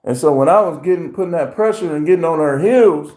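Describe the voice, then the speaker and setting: A man hosting a livestream, telling stories in a profane, animated rant with voiced impressions. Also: a little high, fast. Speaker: livestream host. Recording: roomy echo.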